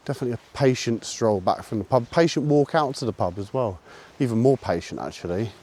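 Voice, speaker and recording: A man chatting casually outdoors while walking his dog, relaxed and explaining his training. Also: medium pitch, fairly quick, husky. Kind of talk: casual walking vlog chat. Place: outdoors on a walk.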